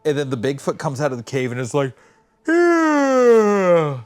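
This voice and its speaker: A man co-hosting a podcast in casual chat, telling stories in a rambling, animated way and acting out quotes with swearing. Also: medium pitch, racing, soft background music. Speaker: podcast co-host.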